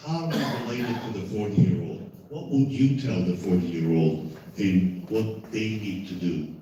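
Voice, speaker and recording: A man's voice: sits low, a little slow, dark tone, highs cut off, a little hiss or hum. A man moderating a live panel, talking emphatically and repeating his points, recorded from far off in an echoey hall. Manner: emphatic and repetitive, insistent.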